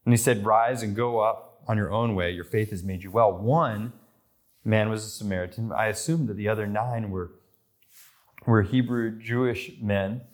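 An American man in his thirties preaching a sermon, telling stories and lifting his voice for quoted lines and excited passages. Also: moderate pace. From United States. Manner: storytelling, rises in pitch for quoted voices and excitement. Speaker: pastor.

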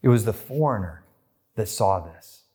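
An American man in his thirties preaching a sermon, telling stories and lifting his voice for quoted lines and excited passages. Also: moderate pace. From United States. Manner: storytelling, rises in pitch for quoted voices and excitement. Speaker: pastor.

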